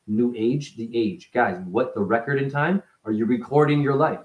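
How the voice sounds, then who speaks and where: A man giving a rambling, profane spiritual monologue as a self-styled teacher, his voice jumping up and down in pitch. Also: normal speed, few pauses, highs cut off. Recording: echoey room.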